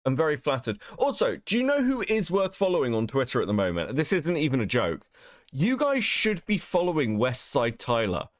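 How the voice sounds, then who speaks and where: A man's voice: medium pitch, wildly swooping pitch, brisk, dry recording, clean studio sound. A man hosting a livestream, talking casually with a mocking, profane edge and frequent laughter. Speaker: streamer host.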